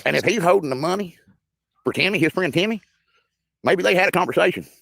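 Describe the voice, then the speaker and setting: A man makes his case as a guest in an insistent, preachy way. His voice is gravelly and he talks quickly. The sound is dry. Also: high-pitched, animated, a bit bright, no room sound. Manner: insistent, preachy, repeats points. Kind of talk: impassioned commentary.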